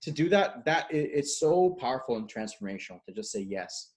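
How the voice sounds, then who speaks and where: A man speaking as a guest coach in a casual video-call interview, energetic and acting out quotes as he tells stories. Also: mid-range voice. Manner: fast, energetic storyteller, acts out quotes. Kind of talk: animated casual interview talk.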